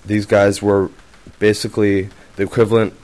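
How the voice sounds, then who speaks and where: A man's voice: lowish voice, flat delivery, normal speed, darkish tone. A man presenting to a class, hesitant and full of fillers. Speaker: student presenter.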